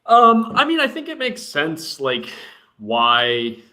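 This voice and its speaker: A man's voice: on the high side, huge pitch swings, takes it slowly, sharp tone. A man on a sports podcast who talks casually and thinks aloud, with lots of fillers and restarts. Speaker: podcast panelist.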